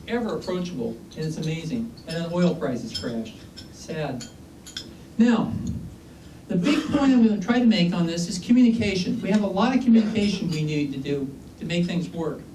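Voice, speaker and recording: Man, geology lecturer, joking and conversational, higher-pitched voice, distant mic in an echoey room with faint hiss. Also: warm tone. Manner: chatty, joking, asks the audience questions. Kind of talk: informal lecture with anecdotes.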